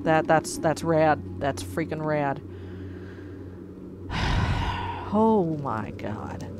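Slow, low-voiced woman gamer. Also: very animated. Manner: exasperated, swears then reins it in. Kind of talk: let's play commentary. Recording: music under the voice. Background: background music.

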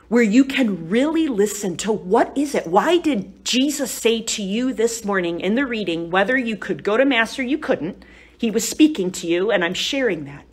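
A woman giving a live retreat talk to a group, telling stories in a chatty, conversational way and often asking "right?" and "you know?". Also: mid-range voice. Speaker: retreat speaker.

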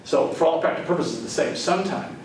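An older man from the Chicago area tells stories to a lecture audience in a loose, self-deprecating way. His voice sits a little high. It comes from far off in a very echoey hall with faint hiss. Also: animated, a little fast. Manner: conversational, anecdotal, self-deprecating. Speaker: guest lecturer. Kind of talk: storytelling lecture.

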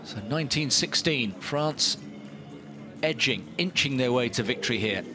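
A man's voice: mid-range voice, normal speed, over music. A man giving live play-by-play commentary on a volleyball match, lifting his voice on big points. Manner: animated, rising with big points. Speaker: sports commentator.

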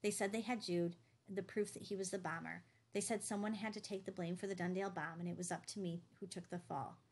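A woman reading as a grim, hushed father. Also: steady tone, a little fast, breathy edge. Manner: low and hushed, clipped. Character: grim middle-aged father, tense and guarded.

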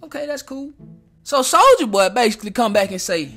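Animated slangy man reacting on camera. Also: very high-pitched, a little fast, soft background music. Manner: animated, slangy, talks straight to viewers. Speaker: reaction video host. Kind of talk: casual reaction commentary.

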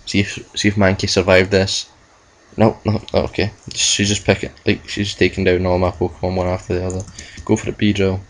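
Low-voiced young man gaming. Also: completely flat delivery, brisk, rough recording. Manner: rambling, self-mocking, swears at the game. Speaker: gamer. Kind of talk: video game playthrough commentary. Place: at home with a laptop.

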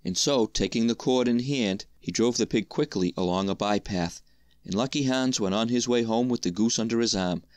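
Guy reading an old fairy tale aloud, steady and measured, dry mic. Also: medium pitch, no room sound. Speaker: storyteller.

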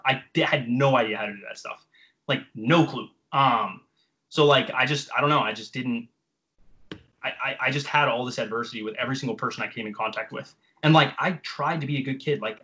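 Young male coach, rapid-fire casual storyteller who swears freely. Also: mid-range voice, dull audio. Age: 20s. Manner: animated, profane, filler-heavy. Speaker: jump training coach.

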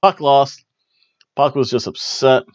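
A man hosting a wrestling review podcast, recapping a show in casual chat and slipping into quick mimicry of wrestlers. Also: mid-range voice, dry recording, highs cut off. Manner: animated, mimics wrestlers and announcers in quick asides.

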